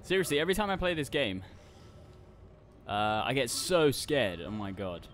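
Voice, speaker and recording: A man commentating a horror game, excitable, swearing and shrieking when scared. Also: medium pitch, moderate pace, slight background noise. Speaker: gaming YouTuber. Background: game music.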